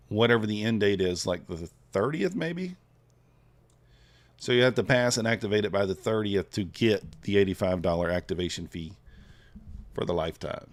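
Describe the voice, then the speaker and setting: A man trading live on a stream, thinking aloud in a laid-back, casual way and chatting with his viewers. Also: fairly low pitch. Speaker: futures trader streaming live.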